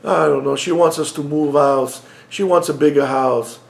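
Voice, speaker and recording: A man voicing a fed-up, flustered husband who stammers and rushes his complaints. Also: on the high side, steady tone, vocal fry, roomy sound. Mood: frantic. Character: fed-up middle-aged husband, frantic.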